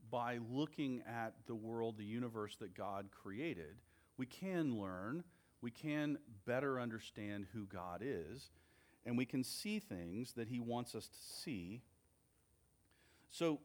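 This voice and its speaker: Male pastor, slow and measured sermon delivery, earnest. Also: mid-range voice, darkish tone.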